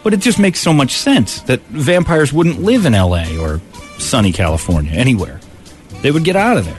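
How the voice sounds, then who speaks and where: A man's voice: mid-range voice, sing-song, moderate pace, soft background music. A man hosting a radio show, joking, laughing often and slipping into impressions. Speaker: radio host. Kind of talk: casual chat.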